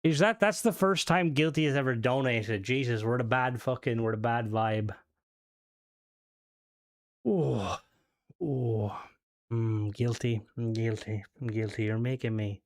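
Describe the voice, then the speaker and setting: A livestreamer with a medium-pitched voice chats casually about game mods at a measured pace, leaving long pauses. He swears freely, rambles, jokes, and hums and sings to himself between remarks, with no room sound in the recording.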